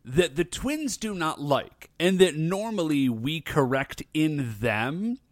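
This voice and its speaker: A man's voice: a little high, slow, no room sound. A man, a father of toddler twins from the United States, co-hosting a podcast in a casual chat and telling stories with animation and frequent laughter. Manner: animated storytelling, laughs often. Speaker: podcast co-host.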